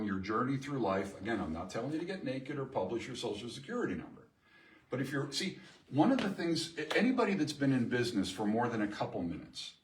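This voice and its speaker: A middle-aged man presents a live seminar to an audience in a meeting room, lively and emphatic, often asking the room questions. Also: mid-range voice. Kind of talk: live workshop talk to an audience. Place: chamber of commerce meeting room. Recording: echoey room from far off.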